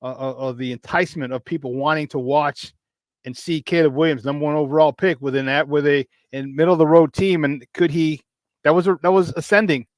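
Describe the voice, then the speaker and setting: A sports talk host runs a casual morning show, rattling off slangy commentary at speed. His voice is a touch high for a man and sounds dry and close-miked with no echo, and he stays energetic, greets chat viewers by name, and laughs often between points.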